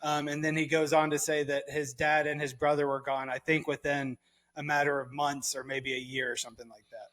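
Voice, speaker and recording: A man co-hosting a podcast in casual chat, adding calm recollections and short agreements. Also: a little high, brisk. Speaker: podcast co-host.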